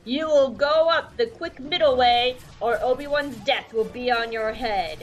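A woman's voice: on the high side, a little slow, natural voice. Woman doing a blustering macho general. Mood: guilt-tripping. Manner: boastful, pushy.

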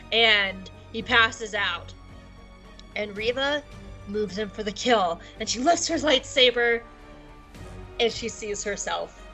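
A woman's voice: medium pitch, bright, forceful tone, rough recording. A woman co-hosting a podcast, recapping an episode in a chatty, jokey way. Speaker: podcast co-host.

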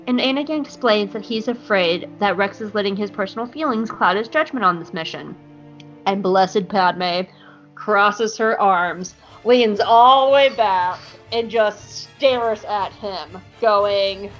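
Playful woman podcast host, swears freely, somewhat high voice; faint music under lo-fi sound. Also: normal speed, fairly bright tone. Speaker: podcast host recapping an episode. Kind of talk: casual chat.

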